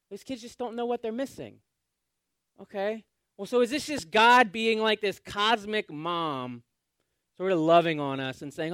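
High-voiced preacher, dry close sound. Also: male voice, lively intonation, moderate pace, smooth, no room sound. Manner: rhetorical questions to the congregation, swings from loud to hushed. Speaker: pastor. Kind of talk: sermon.

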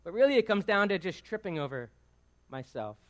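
A man's voice: high voice, sing-song, a little fast. A man preaching a conversational sermon to his congregation in church. He talks informally, poses questions to the room and keeps checking in with "right?". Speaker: pastor. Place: church sanctuary before a congregation.

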